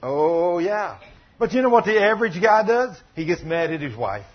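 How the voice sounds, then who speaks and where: With a high, husky voice and a fairly quick delivery, a man preaches a sermon full of animated stories in which he voices the people involved. The recording has its highs cut off.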